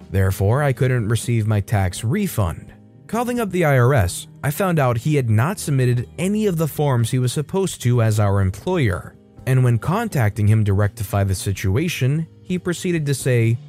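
A man reading a Reddit story aloud as a narrator, steady and storytelling. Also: mid-range voice.

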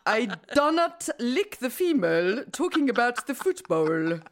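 A man's voice: extremely high pitch, sing-song, measured pace, exaggerated voice. A clumsy male footballer, as a woman puts him on speaks garbled English in a thick mock French accent. His voice swoops up and down. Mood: pompous.

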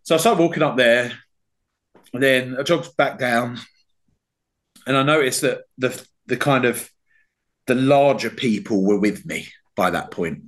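A man hosting a podcast, telling a story in casual chat, swearing a lot and laughing as he goes. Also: mid-range voice. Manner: sweary, animated, laughs while telling stories. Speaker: podcast host.

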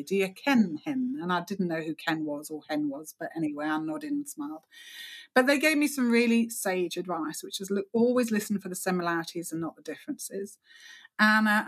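A middle-aged woman, talking frankly as an interview guest, wry and self-deprecating. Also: mid-range voice. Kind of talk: candid interview talk.

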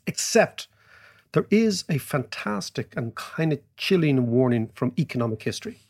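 Male co-host, animated storyteller, a bit higher pitched. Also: moderate pace. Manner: animated, laughing anecdotes. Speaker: podcast co-host. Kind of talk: casual chat and storytelling.

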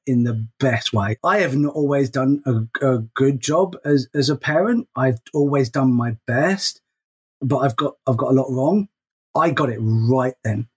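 Husky earnest man co-hosting a podcast. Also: medium pitch. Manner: earnest, repeats words when emphatic. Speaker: podcast co-host. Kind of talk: casual podcast chat.

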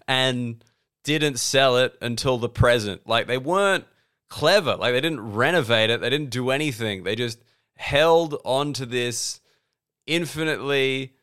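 Aussie guy in his 30s doing a rambly sarcastic comedy rant, really smooth clear voice. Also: mid-range voice, a bit bright. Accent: Australian. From Australia. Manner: rambling, sardonic, acts out both sides of quoted exchanges. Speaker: comedian and podcast host. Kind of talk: casual comedic monologue.

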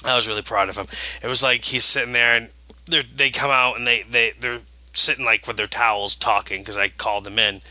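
A man's voice: medium pitch, fairly even intonation, fairly quick, sharp tone, dry recording, low-quality recording. A man in his thirties, a podcast co-host, telling a rambling, eager story with many restarts. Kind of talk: casual podcast chat.

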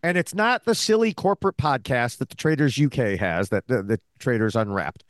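A man's voice: mid-range voice, fairly quick, dry recording, studio quality. A man co-hosting a TV recap podcast in casual chat, rambling and trailing off in fillers. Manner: chatty, animated, trails off in fillers. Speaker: podcast co-host.

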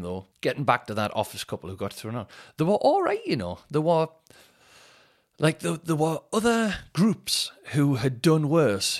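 A man, a comedian and podcast host telling stories in a rambling, sweary, animated way. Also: on the low side. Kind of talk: casual storytelling chat.

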